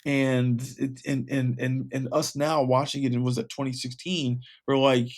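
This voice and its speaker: A man's voice: mid-range voice, little pitch movement, moderate pace. Male co-host: rambling, emphatic, casual. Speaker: podcast co-host. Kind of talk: casual chat.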